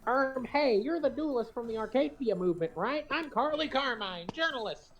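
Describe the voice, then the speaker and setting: A perky, nosy young woman reporter in glasses, put on by a man in a raised girl voice. Her lines bounce up and down with lively pitch swings, and faint game music runs behind her. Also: moderate pace, dull audio. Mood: eager. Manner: perky, inquisitive. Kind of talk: let's play fan dub.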